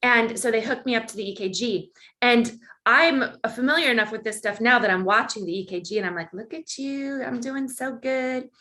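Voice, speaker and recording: A woman guest on a podcast, telling a personal story in conversation and acting out the quoted dialogue with big jumps in pitch. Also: fairly quick, pushed and bright.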